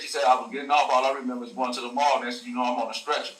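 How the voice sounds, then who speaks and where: A man's voice: mid-range voice, steady tone, racing, a bit bright. A man, a guest telling a story in casual slang, full of profanity and acted quotes. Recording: echoey room, a bit far from the mic.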